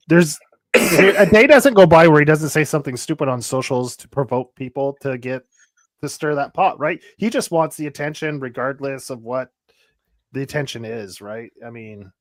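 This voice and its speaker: A man's voice: a little high, moderate pace. A man chatting casually on a livestream, opinionated and fumbling for names.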